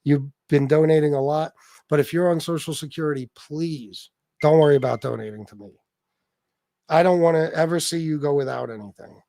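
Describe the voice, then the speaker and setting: A man running a live stream in a loose, chatty way. He is blunt and swears a lot, and his voice sits a little high for a man. The sound is close and dry, with no room echo. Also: a little fast, vocal fry, warm tone. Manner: blunt and profane, reading out viewer names. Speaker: livestream host. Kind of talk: casual livestream chat.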